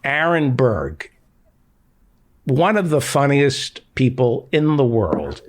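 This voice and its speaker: A man hosting a podcast interview over a video call, with slightly halting introductions that repeat words. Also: medium pitch, very animated. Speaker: podcast host. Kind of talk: casual interview chat.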